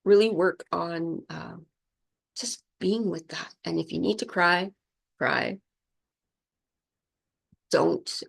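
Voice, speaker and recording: A woman with a lowish, gravelly voice leads a spiritual energy talk. She speaks softly and flowingly, often checking in with "right?". She is moved, close to tears. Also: steady tone, slow pace, pauses often. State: emotional, near tears. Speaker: spiritual channel host.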